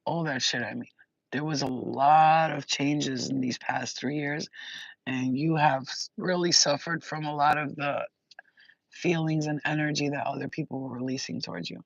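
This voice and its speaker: A woman's voice: low voice, steady tone, moderate pace, gravelly, no room sound. A young woman giving a casual intuitive reading, rambling and emotional, swearing and laughing often. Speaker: spiritual channeler. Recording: dull lo-fi dry sound.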